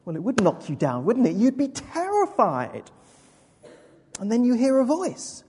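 In a church with echoey, long reverb, a woman preacher delivers a sermon in a high, slightly slow voice with a breathy edge. She tells the story vividly and expressively, with asides, addressing listeners directly.

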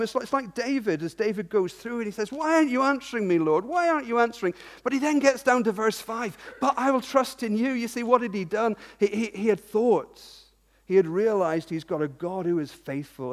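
A fairly high-voiced man preaches an earnest sermon, often stopping to ask rhetorical questions and stumbling over repeated words. His voice rings out with a long reverb that fills a large hall.

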